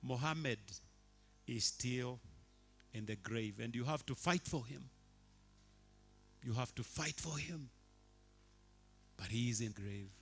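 A man, preaching a sermon as a bishop in a church, animated and shifting between quiet and loud. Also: mid-range voice, takes it slowly, long pauses, husky, faint music behind. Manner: animated, swings from quiet to shouting.

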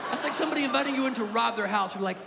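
A man doing a stand-up comedy set on a club stage, animated and shouting his punchlines over audience laughter. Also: very high-pitched, creaky. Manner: animated, shouting punchlines, quick asides to the crowd. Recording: live room with long reverb, crowd noise.

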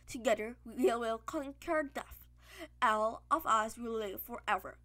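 A woman voicing a grandiose, mad and very rich man who is a villain, speaking in calm, self-assured speeches. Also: on the high side, unhurried. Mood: persuasive.

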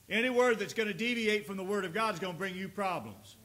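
A man's voice: high-pitched, animated, quick pace, hardly any pauses, pushed and bright. A male pastor preaching a sermon, reading scripture aloud and building emphasis. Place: church sanctuary. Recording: echoey church room with faint noise.

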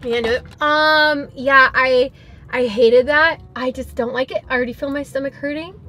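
A young woman vlogger reviews drinks in her parked car, reacting with dramatic, exaggerated disgust to what she tastes. Her voice sits high, bright and forceful, with a steady tone at a moderate pace.

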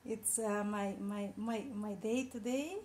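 A woman's voice: medium pitch, fairly even intonation, slow pace, a little mellow, a little hiss or hum. A tearful woman vlogger who effusively repeats her thanks to her employers in a casual, emotional vlog.

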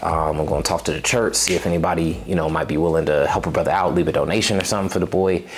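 A man's voice: deep voice, rapid-fire, a little hiss or hum. A young man telling a personal testimony, acting out his past words with rising emotion. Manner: animated retelling, acts out his own past voice. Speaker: storyteller sharing a personal testimony. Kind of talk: personal storytelling.

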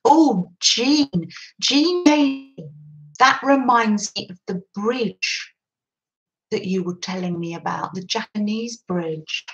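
A woman's voice: medium pitch, slow, a bit bright, muffled recording. A woman chatting through a craft session at her desk, gushing over papers and cooing about how lovely everything is. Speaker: craft vlogger. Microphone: camera on desk.

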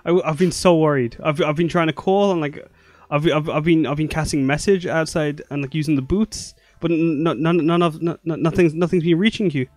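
A man's voice: fairly high pitch, steady tone, brisk, hardly any pauses, a little mellow, dry recording, faint music behind, voice pushed up, close to an everyday voice. A man doing a stammering, doting old mother. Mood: worried. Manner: stammering, fretful and tender. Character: doting elderly mother in a wheelchair, anxious, tearful.

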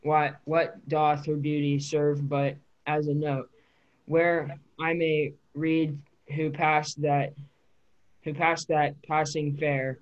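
A man reading verse from a play aloud in a slow, even recitation. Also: on the high side, highs cut off.

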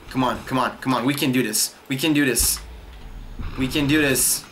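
A young man commentating his gameplay, swearing constantly, taunting the game and shouting in frustration. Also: medium pitch, normal speed, a little hiss or hum. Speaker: gaming YouTuber. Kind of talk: profane rage-quit gameplay commentary.

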